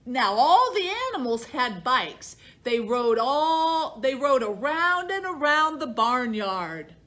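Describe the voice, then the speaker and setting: A woman's voice: sits high, very animated, slow, a bit bright. A woman librarian reading a picture book aloud to children, in a sing-song storytime voice that acts out the animals.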